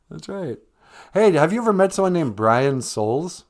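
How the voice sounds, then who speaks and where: A man's voice: on the high side, lively intonation, normal speed. A man hosting a livestream, chatting casually from home in a rambling, joking way. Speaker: livestream host. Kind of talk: casual chat.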